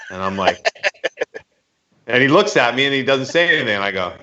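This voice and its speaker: A man's voice: medium pitch, lively intonation, moderate pace, long pauses, bright, forceful tone, dull audio. A man co-hosting a casual podcast, telling stories about himself and laughing often. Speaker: podcast co-host.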